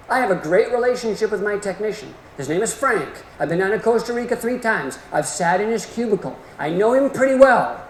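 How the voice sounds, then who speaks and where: A middle-aged man giving a continuing-education lecture, folksy and emphatic in manner. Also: high voice. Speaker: orthodontic lecturer. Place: lecture hall. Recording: echoey hall with faint room noise.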